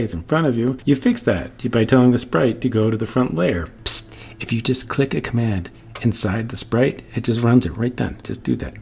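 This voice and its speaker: A man teaching a programming lesson over his screen, playful and jokey, wandering off on silly tangents and shouting out his examples. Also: medium pitch, husky. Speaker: coding teacher. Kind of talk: screen-recorded programming tutorial.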